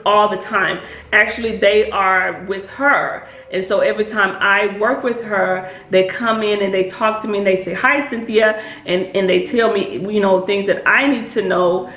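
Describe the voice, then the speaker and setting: A woman's voice: medium pitch, a bit bright. Earnest woman in an echoey room. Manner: earnest, repetitive, checks in with listeners. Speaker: hypnotist and spiritual advisor. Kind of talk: casual advice talk to camera. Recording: echoey room with faint background noise.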